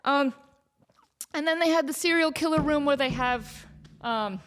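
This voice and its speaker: A woman podcast host telling a comedic story, self-deprecating and acting out quotes in an animated way. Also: high-pitched, a little slow. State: out of breath.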